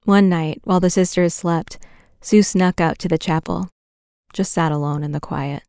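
A woman narrating a documentary from a script in a measured, even way. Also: on the low side, clear, resonant tone, no room sound, studio quality.

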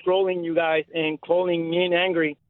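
A man's voice: fairly high pitch, little pitch movement, normal speed, no room sound. Male caller on a tinny phone line. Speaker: radio caller. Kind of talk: call-in question.

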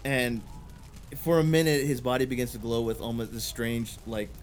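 A man's voice: medium pitch, moderate pace, a little hiss or hum. A man narrating as game master of a tabletop game, casual, with many fillers.

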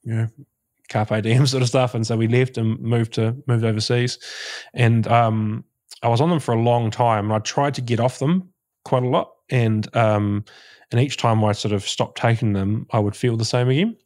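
A man's voice: mid-range voice, fairly even intonation, moderate pace, darkish tone. A middle-aged man, a guest on a podcast, telling his story reflectively and leaning on a lot of "you know". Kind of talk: casual interview chat.

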